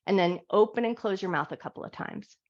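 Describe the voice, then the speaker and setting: Gentle woman guiding a yoga class. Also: medium pitch, fairly quick. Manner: gentle, soothing cues. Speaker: yoga teacher. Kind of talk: guided yoga instruction. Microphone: clip-on mic. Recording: dull lo-fi live class audio.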